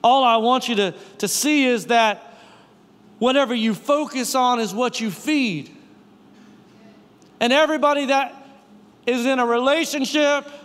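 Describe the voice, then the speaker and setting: A man with a very high speaking voice preaches a sermon, firing questions at the congregation and repeating his key lines. His words carry a long reverb from a large hall. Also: fairly bright tone. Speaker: pastor.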